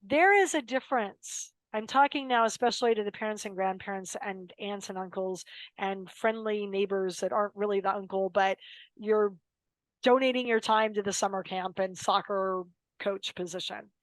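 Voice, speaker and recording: Appearing as a guest on a podcast, a lawyer from the United States in her fifties shares personal stories in a dramatic, emphatic way, acting out what people said. She speaks at a moderate pace in a medium pitch. The recording is rough and has no room sound.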